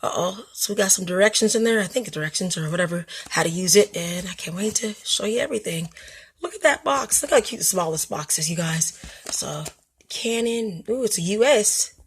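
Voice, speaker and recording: A woman hosting her own craft channel, chatting excitedly and self-deprecatingly to viewers in a casual unboxing vlog. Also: mid-range voice, brisk. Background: people upstairs making noise.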